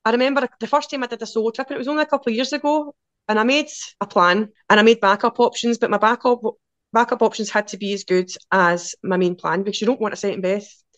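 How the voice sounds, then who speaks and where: A Glaswegian woman in her forties, a podcast guest telling casual, lively stories in quick run-on anecdotes. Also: a little high, no echo. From Scotland. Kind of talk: casual storytelling.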